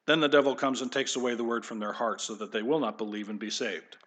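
A man's voice: medium pitch, fairly even intonation, fast, a bit bright. A man preaching a sermon as pastor, swinging between punchy declarations and casual conversational asides.

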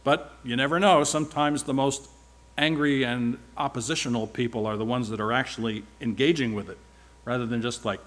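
A man's voice: mid-range voice, steady tone, a little fast, a bit bright. A man speaking at church, giving a rambling, informal sermon-style report with wry asides.

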